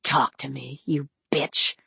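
A woman voicing a menacing, cruel male brute who growls low and taunts, in an audiobook. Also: steady tone, slow pace, creaky, bright, forceful tone, slightly rough, no echo, exaggerated voice. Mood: growling menace. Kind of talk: audiobook character voice.

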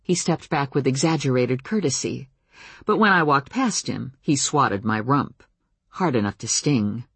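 Husky woman reading a novel aloud. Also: extremely low pitch, a little slow, no echo. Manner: wry, expressive storytelling with lively voiced dialogue. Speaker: audiobook narrator. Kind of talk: first-person novel narration.

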